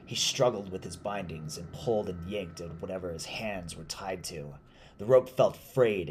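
A man with a very low, deep voice narrates a scripted horror story. His delivery is measured and deliberate, unhurried through each grim image. A faint background hiss sits under the recording. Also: darkish tone.

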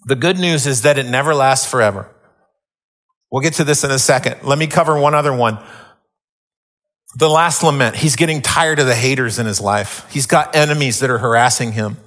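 A middle-aged man, a pastor, giving a sermon with animated, humorous personal stories. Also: medium pitch, brisk. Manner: animated storytelling, rising into excited exclamations.

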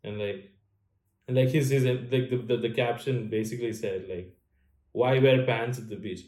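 A man's voice: medium pitch, fairly even intonation, normal speed, a little mellow, roomy sound. A young man co-hosting a podcast who rambles, swears casually and trails off mid-thought. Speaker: podcast co-host. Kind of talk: casual chat.

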